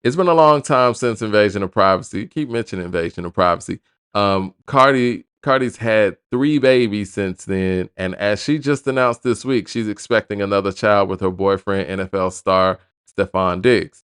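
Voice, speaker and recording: Casual low-voiced male commentator. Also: moderate pace, a bit bright, clear, resonant tone, no echo, clean studio sound. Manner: casual, breaks off into asides. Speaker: hip hop news host. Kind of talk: reading a review with commentary.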